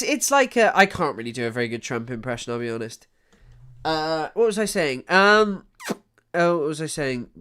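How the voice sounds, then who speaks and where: A young man doing casual live-stream commentary, animated and sweary, often trailing off into mumbles. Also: fairly high pitch. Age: young adult. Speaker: streamer reacting to news clips.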